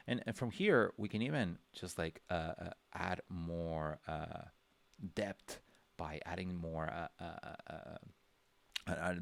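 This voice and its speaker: Man, deep gravelly voice, laid-back drawing teacher on a livestream, full of ums and restarts. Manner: relaxed, thinking aloud with many fillers and restarts. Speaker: drawing instructor. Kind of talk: casual livestream drawing lesson.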